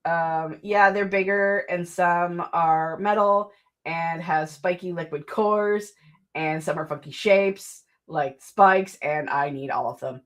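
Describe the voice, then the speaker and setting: A woman's voice: lowish voice, takes it slowly. A woman streaming from her home desk, chatting casually in a rambling, self-deprecating way. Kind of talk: casual livestream chat.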